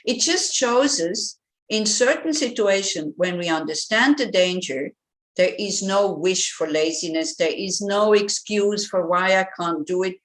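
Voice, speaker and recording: A Buddhist nun giving an informal teaching in a relaxed, conversational way, wandering into stories. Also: female voice, medium pitch, unhurried. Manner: relaxed, conversational, digressive with anecdotes and fillers.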